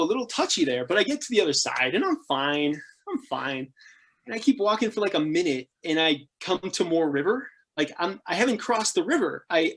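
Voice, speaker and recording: Animated, laughing man telling travel stories. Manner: animated, laughing, acts out quoted people with jumps in pitch. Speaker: podcast guest, bikepacker. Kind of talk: casual storytelling interview.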